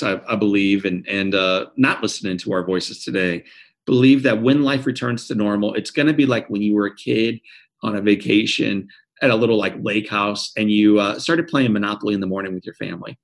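A man's voice: on the low side, fairly quick. A man in his forties, an author being interviewed, who answers with earnest, vivid anecdotes and often repeats words. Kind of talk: interview conversation.

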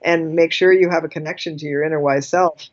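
A woman guest telling a personal story in casual conversation, animated and quick to laugh, often restarting her sentences. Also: deep voice, dull audio.

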